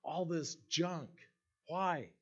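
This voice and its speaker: A whiny woman captive moans and questions everything in a raised, nagging voice, as a man acts her out. The voice climbs high above a man's usual pitch. The recording sounds dull and low-fi. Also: very slow, slightly rough, exaggerated voice. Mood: whining.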